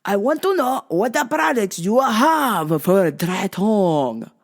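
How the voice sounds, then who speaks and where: A woman's voice: high voice, very animated, a little slow, pitched above the performer's own voice, heavily acted. A woman voicing a pushy foreign woman customer who speaks broken English and keeps repeating her request. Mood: insistent. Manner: broken English, insistent, repetitive.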